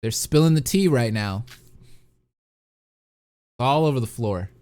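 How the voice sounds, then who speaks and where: A man giving excitable game reaction commentary, swearing often and reading on-screen text aloud. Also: medium pitch, measured pace. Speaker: reaction video host. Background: game music.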